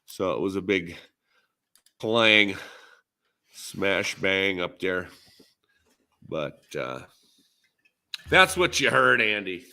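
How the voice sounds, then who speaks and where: A man's voice: sits low, very animated, very slow, creaky, long pauses, sharp tone. A man with a Minnesotan accent in a laid-back, rambling, jokey podcast chat, talking shop as a dent repair technician. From Minnesota, USA.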